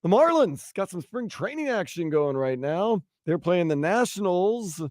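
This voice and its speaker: A man hosting sports talk radio, bantering and joking in a lively way. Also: sits high, measured pace, dry recording, clean studio sound. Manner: animated, jokey, puts on silly voices for stories. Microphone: studio microphone.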